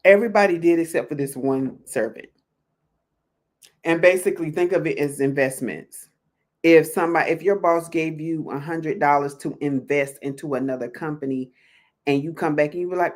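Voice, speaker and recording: A woman tarot reader chatting casually on a stream. She tells stories with lively swings in pitch and slips into quick acted-out lines of dialogue. Her laughter breaks in often. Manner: animated storyteller, acts out little dialogues, laughs often. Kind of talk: casual spiritual chat.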